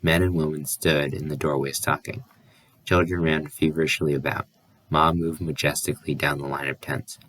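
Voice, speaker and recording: A man's voice: very deep voice, little pitch movement, moderate pace, fairly bright tone, no echo. A man reading a novel aloud as an audiobook, with small slips and restarts. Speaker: audiobook reader.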